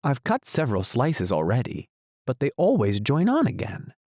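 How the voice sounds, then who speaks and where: A man's voice: mid-range voice, huge pitch swings, normal speed, darkish tone, dry recording, clean studio sound, voice pushed up. A man voicing a polite, puzzled young girl in an audiobook, raising his voice for her. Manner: polite, obliging. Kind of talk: audiobook character reading.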